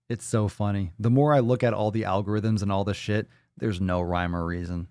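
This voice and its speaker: Gravelly guy hosting a live stream, cussing and blunt, dry close mic. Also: fairly low pitch, normal speed, dark tone, no echo. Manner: blunt, profane, fired-up. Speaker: livestream podcast host. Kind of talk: casual livestream chat with profanity.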